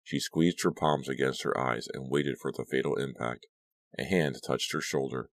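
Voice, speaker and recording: Male narrator, audiobook reading, extremely deep voice, dry close sound, measured. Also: gravelly, no echo. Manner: steady, measured storytelling.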